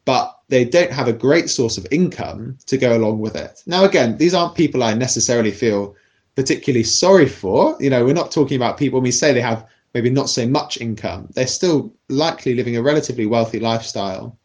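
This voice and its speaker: A man with a posh British accent explaining a topic in a thoughtful, measured podcast conversation, often restarting his sentences. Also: mid-range voice, lively intonation, darkish tone. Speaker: podcast guest explaining class.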